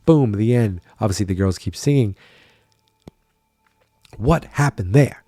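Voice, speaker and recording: A man's voice: mid-range voice, a little slow, pauses often, dark tone, no room sound, studio quality. A tired man hosting a podcast, chatting wryly and thinking aloud in a casual solo recap. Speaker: podcast host.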